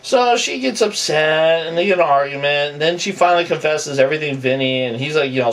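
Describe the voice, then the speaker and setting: A man's voice: fairly high pitch, a little fast, hardly any pauses, a bit bright, distant mic. A man giving off-the-cuff, opinionated commentary that rambles with asides and restarts.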